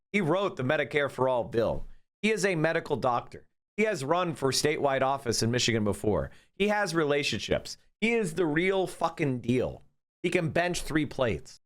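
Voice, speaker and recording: A man streaming live, reading out news and reacting with sarcastic commentary, swearing freely. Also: medium pitch. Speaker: political streamer.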